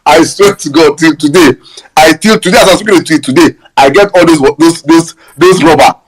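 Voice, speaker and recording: A man's voice: on the high side, fairly quick, breathy edge, faint music behind, rough recording. A young Nigerian man with a Nigerian accent who hosts a live audio space, ranting about politics and telling stories, mixing in Pidgin, laughing as he talks and often stammering and restarting. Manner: mixes Pidgin into English, laughs through his stories, many stammers and restarts. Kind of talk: animated political rant with storytelling.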